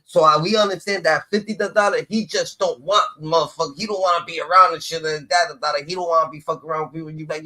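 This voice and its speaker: A man in a casual chat, talking in an animated way and filling his pauses with "da, da, da". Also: on the high side.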